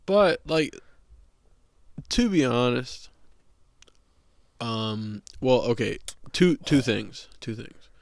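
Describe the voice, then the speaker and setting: A young man co-hosting a laid-back podcast, chatting in a slow, unhurried way. He keeps stalling on fillers and restarting his sentences. His voice sits at a middle pitch, recorded dry and close. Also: lively intonation, creaky, dry recording. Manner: halting, full of fillers and restarts. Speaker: podcast co-host. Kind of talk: casual chat.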